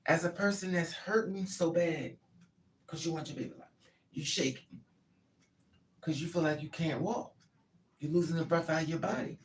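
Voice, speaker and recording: A woman's voice: sits low, moderate pace, long pauses, recorded from a distance, a little hiss or hum. A grieving mother giving an impassioned, repetitive spoken monologue. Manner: impassioned, repetitive, acts out pleading quotes.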